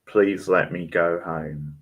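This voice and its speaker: A frightened ghost child begs not to be hurt, as a man reads it aloud. The delivery is low and slow, pleading and sobbing through each line. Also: fairly even intonation, husky, highs cut off, heavily acted.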